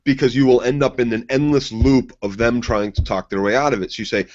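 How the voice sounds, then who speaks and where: A man's voice: mid-range voice, steady tone, fast talker, few pauses, darkish tone, no echo, muffled recording. A man co-hosting a casual TV recap chat, blunt and argumentative. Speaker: co-host.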